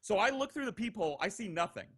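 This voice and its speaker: Animated, profane young man telling a story. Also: sits high, fast, husky. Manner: animated, profane, acts out quoted voices. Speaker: podcast regular telling stories. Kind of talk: casual storytelling.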